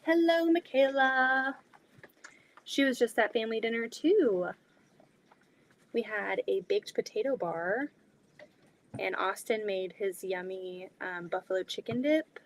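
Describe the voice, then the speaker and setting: A woman's voice: fairly high pitch, a little slow, pauses often, slight background noise, low-quality recording. A young woman, hosting a live quilting stream from her basement sewing room, chatting casually with lots of fillers and giggles. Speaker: quilting livestream host.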